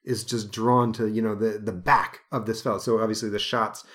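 A man's voice: fairly low pitch, level tone, normal speed, a bit bright. A man hosting a podcast, rambling through a casual comic book review with many fillers. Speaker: podcast host.

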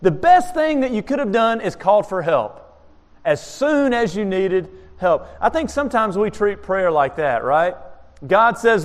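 A high-pitched male pastor delivers a sermon and tells its stories with animated energy. He keeps asking rhetorical questions, and his voice carries a long hall reverb. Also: moderate pace.

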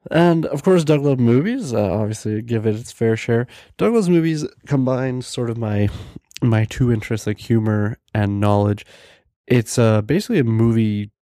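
A young man talks through his own podcast in an easygoing, enthusiastic ramble, full of restarts and fillers. His voice sits on the low side with a mellow, relaxed tone, recorded dry and close with no room sound. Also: no echo. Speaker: podcast host. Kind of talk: casual solo podcast talk.

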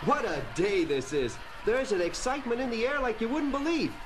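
An actor playing an eager young television reporter on a 1970s children's story record, upbeat and a little stammering. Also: male voice, extremely high pitch, expressive, fairly quick, background noise. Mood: cheerful. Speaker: newscaster character on a vintage story record.

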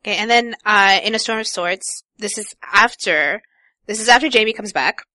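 Bright-voiced young woman, casual chatter. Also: mid-range voice, normal speed, dry recording. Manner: casual, filler-heavy, laughs often. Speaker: podcast co-host. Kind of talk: casual book discussion.

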